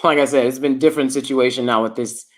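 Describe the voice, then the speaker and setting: A woman's voice: very deep voice, steady tone, fast. A woman vlogger giving opinionated commentary to her viewers from downstairs at home, emphatic and repeating lines for effect.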